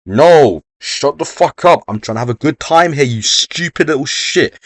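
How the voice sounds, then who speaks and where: A man's voice: on the high side, expressive, fairly bright tone, dry recording, pitched above the performer's own voice. A man doing a fed-up, swearing party host. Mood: exasperated. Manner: exasperated, profane, rushed. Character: irritated male party host scolding a hothead.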